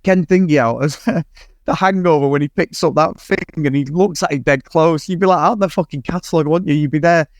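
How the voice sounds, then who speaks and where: A man's voice: on the high side, a little fast, no room sound, studio quality. A man co-hosting a podcast, chatting about a film in a rambling, sweary way and laughing often. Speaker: podcast co-host. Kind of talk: casual film review chat.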